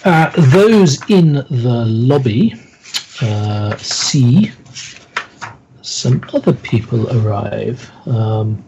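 A man narrating a tabletop game as game master, slow and hesitant with many pauses and ums. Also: mid-range voice, expressive, vocal fry, mellow, slight background noise, rough recording.

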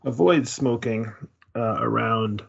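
A man's voice: medium pitch, slow, vocal fry, husky, dull audio. A man playing a tabletop game, describing his character with many hesitations. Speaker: player. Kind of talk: casual tabletop game chat.

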